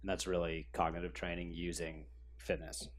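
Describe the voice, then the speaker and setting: A man's voice: low voice, little pitch movement, moderate pace, a little hiss or hum. A man appearing as a guest author on a podcast, joking dryly in casual chat. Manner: dry joking.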